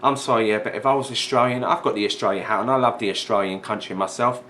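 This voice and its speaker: A man's voice: on the low side, steady tone, fast, a bit bright, slight background noise. A man commenting indignantly on a video, swearing and repeating himself as he argues. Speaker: reaction vlogger. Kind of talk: reaction commentary.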